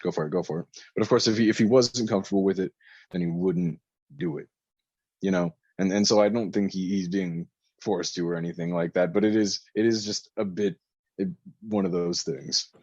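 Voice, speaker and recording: A man co-hosting a wrestling podcast in casual chat, swearing often, getting excited and laughing a lot. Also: low-pitched, fairly quick, no room sound, lo-fi sound. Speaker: podcast co-host.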